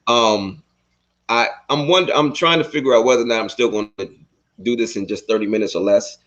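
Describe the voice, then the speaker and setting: A man hosting a podcast, interviewing a guest in a relaxed way, laughing a lot and rambling a little. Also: mid-range voice, a little fast, highs cut off. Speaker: podcast host. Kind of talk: casual interview.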